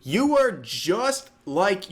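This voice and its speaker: Commentary narrator, male: slow, sarcastic, with a lively, swooping pitch. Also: breathy edge. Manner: mocking, sarcastic.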